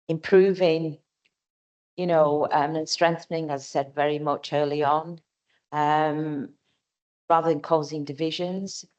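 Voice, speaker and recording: A woman councillor speaking at a council meeting, hesitant and full of "um"s. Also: deep voice. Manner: hesitant, with many "um"s. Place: council chamber.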